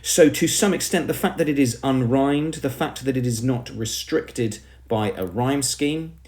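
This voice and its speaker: A man's voice: mid-range voice, measured pace, a little mellow. A male teacher with an English accent giving an emphatic poetry lesson, often calling the class "everybody".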